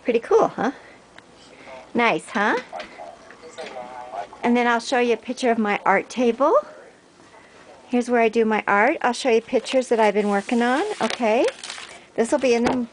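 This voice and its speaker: A woman's voice: on the high side, moderate pace, pauses often, poor audio. An older woman, a grandmother, chatting on the phone in a casual home video while coaxing her dog in a sing-song voice. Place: indoors at home, house rooms.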